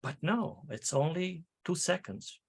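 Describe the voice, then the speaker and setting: A man hosting a casual interview about public speaking, talking in an animated way and often repeating words as he starts a thought. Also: a little high, measured pace, gravelly, slightly rough. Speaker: host.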